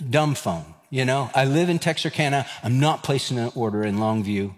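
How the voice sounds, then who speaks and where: A man's voice: medium pitch, expressive, normal speed, in a large hall. A man, preaching a sermon and telling a folksy story, acting out the voices in it. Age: 50s. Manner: folksy storytelling, acts out dialogue. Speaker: pastor.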